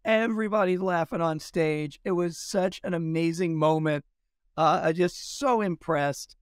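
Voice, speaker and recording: Smooth-voiced man telling stories. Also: fairly high pitch, measured pace, no room sound, clean studio sound. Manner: lively anecdotes with quoted dialogue. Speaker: historian. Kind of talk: storytelling in an interview.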